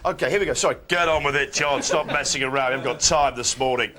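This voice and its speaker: A man presenting a live breakfast TV show, joking quickly and laughing through his lines. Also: mid-range voice, sharp tone. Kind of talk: jokey live studio banter. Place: live TV studio with audience. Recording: studio with music and crowd noise.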